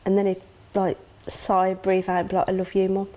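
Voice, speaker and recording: A middle-aged woman talks openly and emotionally as an interview guest. She tells her memories quickly, acting out remembered conversations, and her voice jumps high when she gasps. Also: completely flat delivery, warm tone. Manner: emotional, acts out quoted dialogue with sudden high gasps. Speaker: interview guest, grieving mother.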